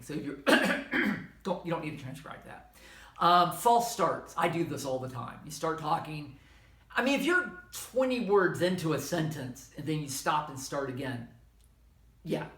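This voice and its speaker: Brief: middle-aged Southern lecturer, casual and self-correcting, animated delivery, reverberant room. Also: male voice, on the high side. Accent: Southern American. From American South. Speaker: history lecturer. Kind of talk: informal classroom lecture. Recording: echoey room.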